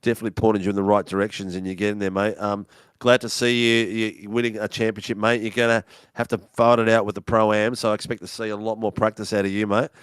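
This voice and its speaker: Chatty man hosting, smooth dry voice. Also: on the low side, flat delivery, no echo. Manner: chatty, matey, drawn-out phrasing. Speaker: broadcast host. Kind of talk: casual post-race interview.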